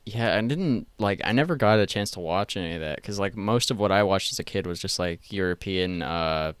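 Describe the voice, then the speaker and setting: A man born in Sweden, raised in the States and speaking with an American accent, chatting on a podcast as a guest in a halting, laid-back way with lots of fillers. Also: sits low, smooth, dry recording. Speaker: guest musician. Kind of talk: casual podcast chat.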